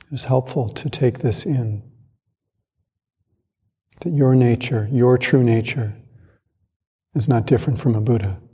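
Male Zen teacher, calm and measured dharma talk, husky mellow voice, long reverb of a hall. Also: medium pitch. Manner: calm, reflective, measured with pauses.

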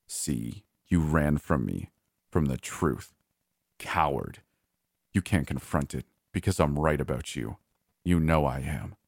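Man doing evil mirror monster, horror reading; extremely deep, slow, taunting. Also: expressive, gravelly, dry recording, clean studio sound, full character voice. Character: evil male mirror monster, mocking and cruel.

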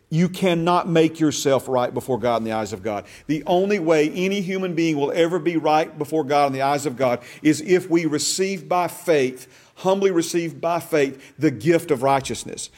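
A man's voice: a little high, normal speed, a little mellow. A man teaching a discipleship class, reading scripture aloud and stressing key phrases with emphatic repetition. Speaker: bible teacher.

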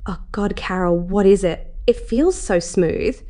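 A woman reader voicing an eager, nervous young woman in an adult audio story, with breathy, gasping lines. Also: on the low side, fairly even intonation, a little slow, darkish tone. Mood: breathless.

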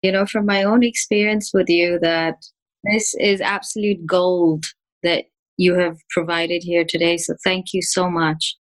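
Woman host with a lowish voice. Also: flat delivery, measured pace, poor audio. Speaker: podcast host. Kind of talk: interview conversation.

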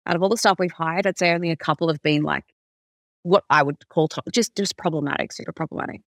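Brief: woman business founder as podcast guest, lively storyteller, dry close sound. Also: low-pitched, quick pace, gravelly, no room sound. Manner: animated storyteller, heavy use of "like". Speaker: recruitment company founder, guest. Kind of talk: conversational podcast interview.

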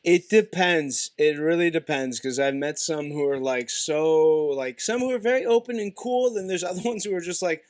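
A man's voice: a little high, normal speed, hardly any pauses, dry recording, studio quality. A young man from Quebec, a podcast guest, telling loose stories with laughs and swearing. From Quebec, Canada. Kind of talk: casual chat.

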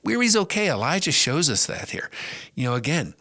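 A man's voice: fairly high pitch, big pitch swings, a little fast, bright, forceful tone, no echo, clean studio sound. A middle-aged man hosting a podcast, giving an earnest, conversational devotional talk with emphatic rises. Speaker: podcast host and preacher.

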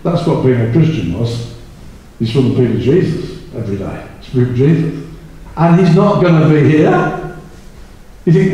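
A man preaching a sermon, telling Bible stories in an animated way and acting out the disciples in quoted voices. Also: fairly high pitch, normal speed. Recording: echoey hall recorded from far off.

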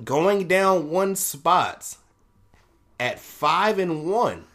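A man hosting a casual podcast, reading a sports ranking list out loud and laughing and swearing at the results. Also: sits high, animated, very slow. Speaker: podcast host.

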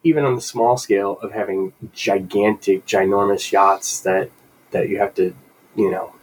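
A man co-hosting a casual comic book podcast, rambling through his thoughts with halting restarts and banter. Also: fairly low pitch, steady tone, breathy edge. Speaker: podcast co-host.

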